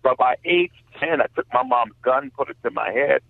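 A man with a gravelly, creaky voice tells his story earnestly and haltingly, with many fillers. He comes through a narrow, tinny phone line with no room sound. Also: medium pitch, no echo. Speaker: guest author. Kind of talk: personal testimony in a radio interview.

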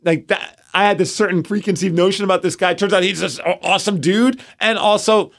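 A man's voice: sits high, fairly even intonation, brisk, fairly bright tone, dry recording, studio quality. A man in his thirties co-hosting a casual podcast, telling stories animatedly with lots of filler "like". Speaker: podcast co-host. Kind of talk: casual chat.

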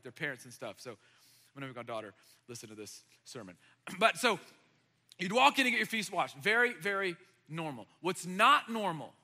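A man preaching a sermon to young adults, animated and conversational, with frequent fillers and restarts. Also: sits high, long reverb tail. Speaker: pastor. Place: church hall.

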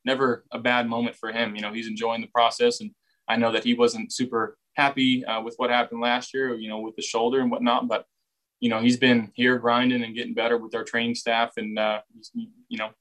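A young man speaks in an even, flat tone with little rise or fall. He answers reporters' questions casually and often restarts a phrase before finishing it. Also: medium pitch, brisk, rough recording. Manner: relaxed, repeats words while finding phrasing. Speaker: football quarterback at a press session. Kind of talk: casual press interview answers.

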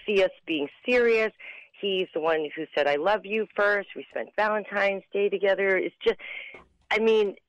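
A woman on a call-in line, halting and teary, breaking off into nervous little laughs. Her voice sits at a middle pitch and sounds dry and close, with no room around it. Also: no echo. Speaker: caller. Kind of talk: emotional call-in confession. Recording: phone line.

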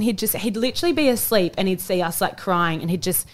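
A woman's voice: mid-range voice, animated, fast talker. A young adult woman with an Australian accent, co-hosting a podcast and talking casually and emotionally, with many restarts and fillers. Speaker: podcast co-host. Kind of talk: casual chat.

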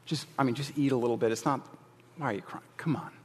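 A man's voice: medium pitch, fast talker, husky, in a large hall, natural voice. A man voicing a self-pitying ancient husband, muttering in a mopey, whiny way.

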